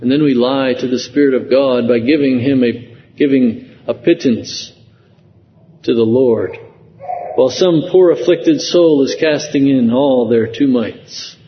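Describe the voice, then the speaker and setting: A man preaching a sermon slowly and earnestly, rising into emotional emphasis at key phrases. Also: mid-range voice, a little hiss or hum. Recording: dull lo-fi sound with long hall reverb.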